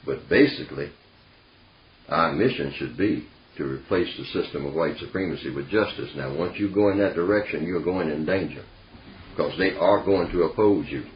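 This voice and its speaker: A man's voice: deep voice, moderate pace, slight background noise. A man leading an informal group discussion, emphatic and folksy, often dropping in "see" and "you know". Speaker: discussion leader. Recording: echoey room, dull lo-fi sound.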